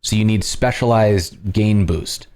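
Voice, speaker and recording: A man hosting a livestream, explaining casually in a loud projected presenter voice with plenty of fillers, close on a compressed studio mic at home. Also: on the low side, measured pace, clear, resonant tone. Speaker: livestream host. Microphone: studio dynamic microphone with compression.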